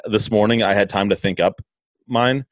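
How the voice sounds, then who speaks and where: A man's voice: lowish voice, fairly even intonation, normal speed, no room sound, clean studio sound. A man chatting casually, laid-back, laughing often and swearing, with stumbling restarts. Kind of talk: casual chat.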